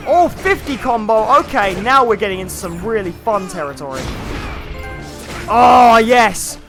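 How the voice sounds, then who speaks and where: Excitable high-voiced young male streamer. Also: normal speed. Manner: chatty and excitable, lots of "like" fillers. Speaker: game streamer. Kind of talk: live gameplay commentary. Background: faint game music.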